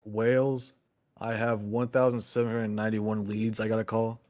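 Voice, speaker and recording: A man's voice: fairly low pitch, little pitch movement, normal speed, a little mellow. A man joining a livestream over voice chat, joking and teasing the host in casual banter. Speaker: livestream co-participant. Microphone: voice chat over computer.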